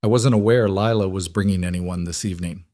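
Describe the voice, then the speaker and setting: A man's voice: deep voice, fairly even intonation, a little fast, warm tone, no room sound, studio quality, natural voice. A man doing a cold, curt older father. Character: cold, authoritative older man, early sixties.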